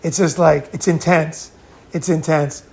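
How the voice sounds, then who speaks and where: Male host, middle-aged, fairly high voice; blunt and profane, loose restart-heavy storytelling. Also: steady tone, unhurried, creaky. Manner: blunt, profane, rambling with frequent restarts and laughs. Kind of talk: casual storytelling chat.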